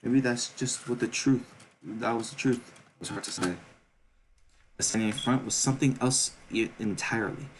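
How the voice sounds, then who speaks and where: A man's voice: medium pitch, normal speed, slight background noise, rough recording. A man reading a visual novel's narration aloud for viewers, stumbling and correcting himself as he goes. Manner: reads with stumbles and self-corrections. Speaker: game streamer.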